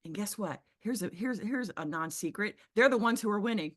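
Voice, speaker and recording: A woman business coach leading a group video call, talking emphatically and acting out other people in a high squeal. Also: lively intonation, fairly quick. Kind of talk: animated coaching talk.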